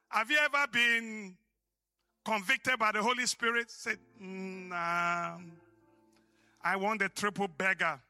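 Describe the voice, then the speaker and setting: A man with an African accent preaching a sermon as pastor, emphatic and rising to shouts. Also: high-pitched, no room sound.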